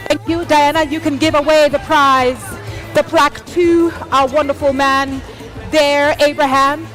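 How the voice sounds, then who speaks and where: High-voiced, energetic woman emcee. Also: unhurried, soft background music. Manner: energetic, hyping the crowd, shouted announcements. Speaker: event emcee. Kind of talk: live awards ceremony hosting. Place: stage of a large live event.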